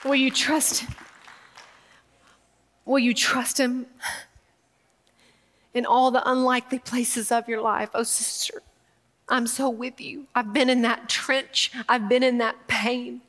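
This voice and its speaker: A woman preaching a sermon in an emotional, emphatic way, laughing and pausing as she speaks. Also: a little high, steady tone, fairly bright tone. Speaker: speaker at a women's gathering. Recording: long hall reverb.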